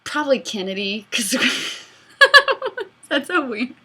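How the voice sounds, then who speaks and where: A woman in her mid-twenties hosting a casual fan Q&A, excitable and giggly, rambling between answers. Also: sits high, slow, husky. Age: mid-20s. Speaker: YouTube host answering fan questions. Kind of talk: casual Q&A chat.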